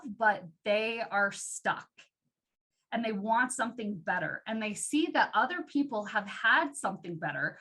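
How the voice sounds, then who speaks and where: A woman's voice: fairly high pitch, pushed and bright. A woman giving a casual sales training talk, chatty and full of "like" fillers. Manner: chatty, uses many "like" fillers, acts out customer voices. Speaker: team trainer.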